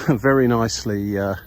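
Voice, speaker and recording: An older man with a husky voice from a cold, walking outdoors and commenting wryly on the sights, with many uhs. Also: medium pitch, slow. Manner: rambling, wry, many ums and uhs. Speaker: vlogger. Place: outdoors in an old town street.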